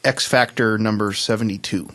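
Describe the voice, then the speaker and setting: Man, lowish voice, podcast co-host, dry storytelling. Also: fairly even intonation, normal speed, pushed and bright. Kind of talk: casual chat.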